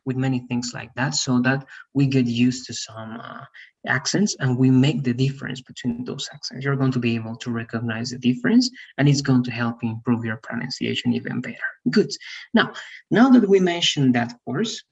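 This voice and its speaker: A man's voice: mid-range voice, moderate pace, slightly rough, muffled recording. A man teaching an English lesson over a video call, patient, often checking in with "right?". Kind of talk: one-on-one online English lesson.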